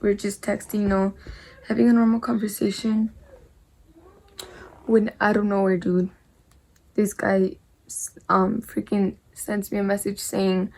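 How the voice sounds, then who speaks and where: Young woman with a flat, gravelly drawl. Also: mid-range voice, measured pace, pauses often. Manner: rambling, repetitive, peppered with "like" and mild swearing. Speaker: vlogger. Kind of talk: casual story time while doing makeup.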